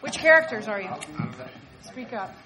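A woman's voice: a little high, lively intonation, moderate pace. A woman organizing the skit players in a bossy, teasing way. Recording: loud crowd around.

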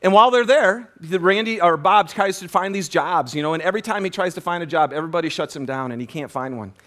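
A man preaching a sermon as pastor, telling a story with animated energy, often restarting and repeating words. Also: high voice, fast talker.

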